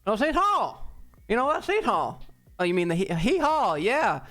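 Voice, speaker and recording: A man's voice: high voice, wildly swooping pitch, moderate pace, sharp tone, voice pushed up, full character voice. Man putting on a thick Southern country drawl. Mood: hollering. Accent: Southern US, exaggerated. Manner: mocking, thick drawl, words running together. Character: exaggerated rural Southern country man, drawling, hard to follow.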